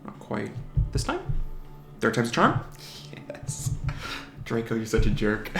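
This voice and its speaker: A man with a gravelly, fry-edged voice casually narrates his own online game match. He mutters strategy, second-guesses his moves and jokes at the enemy monsters. The sound is roomy, with faint music playing behind him. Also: medium pitch, big pitch swings, a little slow, long pauses. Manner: chatty, mutters strategy aloud, teases opponents' monsters. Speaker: gaming channel host. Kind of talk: casual live game commentary.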